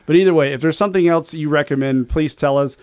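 A man's voice: a little high, fast talker, darkish tone. Rambling, chuckling male podcast host. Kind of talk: casual beer podcast chat.

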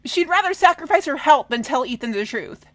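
A woman co-hosting a podcast in casual chat, animated and swearing, mimicking people in mocking voices. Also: sits high, fairly quick, no echo. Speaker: podcast co-host. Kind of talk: casual chat recapping a TV episode.

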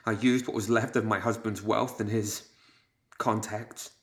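A man's voice: lowish voice, fairly even intonation, unhurried. A man voicing a broken, vengeful widow who shrieks and weeps in an audiobook. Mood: whispered despair. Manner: shrieking then weeping.

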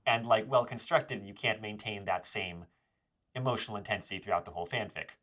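A man's voice: fairly low pitch, brisk, fairly bright tone. A man co-hosting a casual podcast chat, thoughtful, with some "like" fillers. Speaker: podcast co-host.

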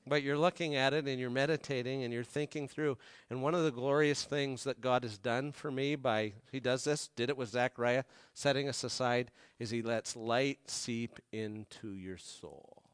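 A pastor preaching a sermon, who moves from soft, slow scripture reading to raised, urgent appeals to the congregation. He has been sick this week. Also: medium pitch, clean tone, dry recording, clean studio sound. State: recovering from illness this week.

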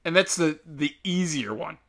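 A man's voice: fairly high pitch, animated, moderate pace, fairly bright tone. A man delivering a heated, profane, sarcastic monologue straight to his listeners, mocking and scolding them. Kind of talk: ranting monologue.

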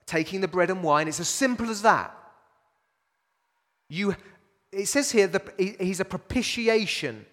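A man's voice: a little high, fairly bright tone, long reverb tail. A man preaching a sermon to his congregation in a casual, conversational way, asking rhetorical questions and restarting phrases often. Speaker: pastor.

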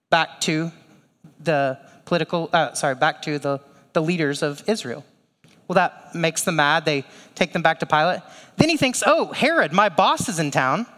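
A man's voice: on the high side, normal speed, fairly bright tone, big-room sound. A male pastor preaching a sermon in a conversational way, with rhetorical asides and questions.

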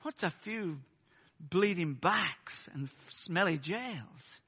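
A man preaching a sermon. He swings between loud, fervent peaks and soft, chatty asides. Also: sits high, lively intonation, very slow, husky, in a large hall.

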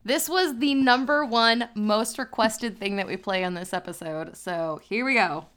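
A woman's voice: a little high, a little slow, fairly bright tone, a little hiss or hum. A young woman hosting a podcast, chatting casually and playfully, giggling often. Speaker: podcast host. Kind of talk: casual chat.

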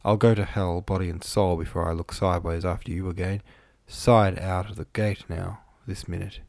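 A man voicing a surly, proud young countryman in a gruff, growling storybook reading. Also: low voice, level tone, normal speed, darkish tone, dry recording, clean studio sound.

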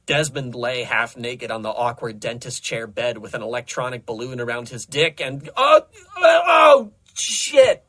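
A young man reading comedic fan fiction aloud in a dry, deadpan narrating voice. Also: medium pitch, normal speed, few pauses. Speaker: host reading stories aloud.

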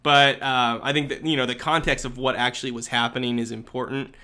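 A man's voice: mid-range voice, level tone, fairly quick, sharp tone. A man co-hosting a podcast, casually chatting with playful, teasing asides. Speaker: podcast co-host. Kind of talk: casual chat.

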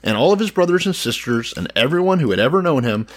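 A man's voice: fairly high pitch, big pitch swings, fast talker. A man casually and irreverently reading verses aloud and joking about them with a co-host. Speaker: podcast co-host. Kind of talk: casual profane chat reading scripture.

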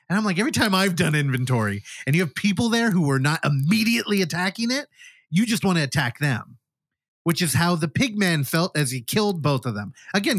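A man's voice: on the high side, fairly bright tone, breathy edge, dry recording, clean studio sound. A man co-hosting a podcast, casually reviewing a horror film and animatedly acting out the characters' lines as he retells it. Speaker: podcast co-host.

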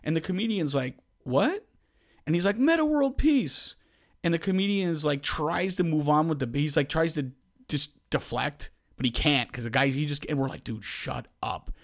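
A man tells a rambling story on a casual podcast. He is animated, jumping into higher voices to act out the people in his tale, with many restarts along the way. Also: brisk. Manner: animated, acts out quoted voices, frequent restarts. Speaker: podcast host.

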